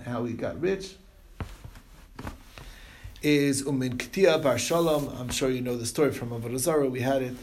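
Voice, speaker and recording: A man's voice: medium pitch, darkish tone, slight background noise. A man teaching an informal Talmud class, retelling stories loosely with many fillers and restarts. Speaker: Torah teacher.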